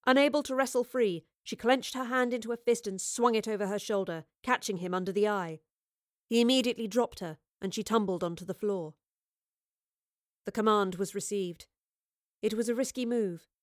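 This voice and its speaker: A woman narrating an audiobook in a measured, even storytelling manner. Her voice sits in a middle pitch for a woman and sounds close and dry, with no room around it. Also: no echo. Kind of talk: scripted narration.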